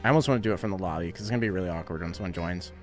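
A man's voice: low-pitched, very fast, faint music behind. A young man casually chatting on a live game stream, laughing often and reading out viewer donations. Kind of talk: casual live-stream chat while gaming.

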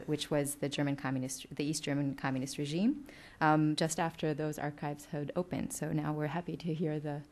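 A woman's voice: low-pitched, darkish tone. A woman moderating an event, reading speaker biographies with frequent fillers. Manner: reads bios with frequent fillers.

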